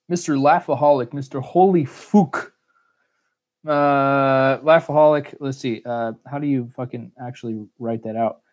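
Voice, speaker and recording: An American man hosting a casual solo Q&A podcast, rambling, cursing freely and joking at his own expense. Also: mid-range voice. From United States. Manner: rambling, swears a lot, self-mocking. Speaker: podcast host.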